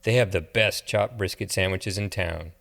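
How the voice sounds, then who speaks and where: A man reading a sincere, soft-spoken young man from a small town. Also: deep voice, moderate pace, vocal fry, exaggerated voice.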